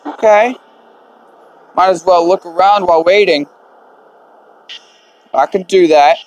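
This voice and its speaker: Relaxed male let's-player, slightly high voice, slow and muttering. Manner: laid-back, muttering to himself. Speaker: gamer. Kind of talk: let's play commentary.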